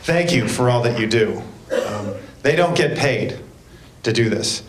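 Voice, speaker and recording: Guy giving a folksy talk at a board meeting, roomy echo, mid pitch. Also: animated, measured pace, a loud crowd. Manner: folksy, joking asides. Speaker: state representative. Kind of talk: speech at a public meeting. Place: school board meeting room. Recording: echoey room, faint rumble.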